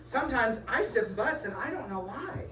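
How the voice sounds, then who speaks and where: A woman's voice: on the high side, lively intonation, moderate pace, noisy background, voice pushed up, natural voice. A woman reading as a bemused good dog. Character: good-natured puzzled dog. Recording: echoey room from far off.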